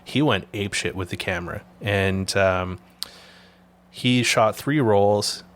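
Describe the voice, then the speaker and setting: A man from Canada hosting a casual photography chat, telling animated stories and swearing freely. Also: fairly low pitch, slow, slight background noise. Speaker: podcast host.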